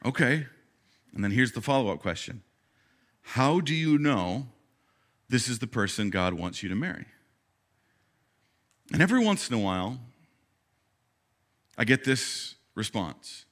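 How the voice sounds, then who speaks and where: A man in his thirties, a pastor preaching a sermon in a conversational way, with halting restarts and acted-out quotes. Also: mid-range voice, big pitch swings, a bit bright.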